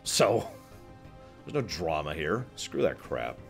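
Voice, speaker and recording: Deep-voiced man chatting on a livestream. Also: very animated, slow pace, gravelly, faint music behind. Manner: chatty, rambling, answers viewer comments as he goes; laughs often at his own remarks. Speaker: livestream host. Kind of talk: casual livestream chat.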